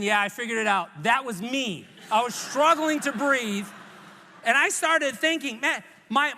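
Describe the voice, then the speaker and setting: A man from Hawaii giving a humorous commencement speech in a large church hall, telling a story in an animated, self-mocking way and voicing his own thoughts. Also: very high voice. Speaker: commencement speaker. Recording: echoey recording in a large hall.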